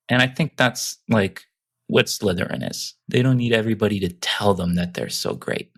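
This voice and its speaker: Low husky American co-host. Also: male voice, moderate pace. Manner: hesitant, hedging, then animated when arguing. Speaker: podcast co-host. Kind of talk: casual chat.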